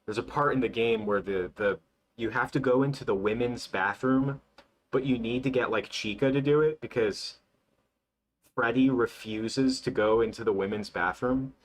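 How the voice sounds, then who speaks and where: Young male streamer, chatty and excitable, rambles with lots of fillers. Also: medium pitch, moderate pace, a little hiss or hum. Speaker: livestream host. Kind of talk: casual livestream chat.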